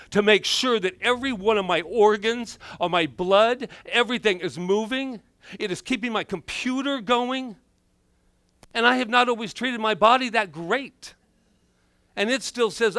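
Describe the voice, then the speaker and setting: A middle-aged man and minister giving a playful, animated sermon full of personal stories. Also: high-pitched, unhurried, dry recording. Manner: animated, playful, acts out quotes.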